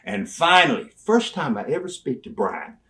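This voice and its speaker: Recorded far from the mic, an older interview guest animatedly tells wrestling stories, loudly acting out quoted exchanges with gusto. He talks at normal speed in a slightly high voice.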